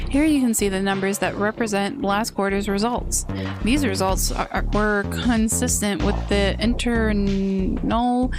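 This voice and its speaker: A woman's voice: medium pitch, lightly acted. Woman putting on stiff formal businessman Jerry. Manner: stiff, formal, robotic diction. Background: game music.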